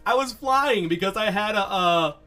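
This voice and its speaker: A man's voice: sits high, animated, moderate pace, pushed and bright, faint music behind. A man streaming a video game live, reading chat aloud and giggling as he plays. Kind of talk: casual gaming livestream chat.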